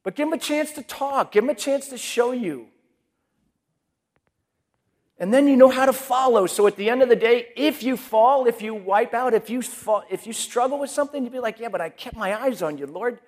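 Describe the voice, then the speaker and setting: High-voiced man preaching a sermon. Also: normal speed. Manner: conversational, acts out quoted inner voices.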